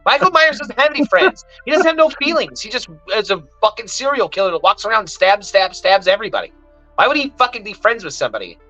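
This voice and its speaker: A man vents heatedly in a casual movie review chat, his speech full of profanity and sudden animated outbursts. His voice sits a little high and rings bright. The audio is slightly dull and lo-fi, with faint music behind it. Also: quick pace. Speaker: podcast co-host.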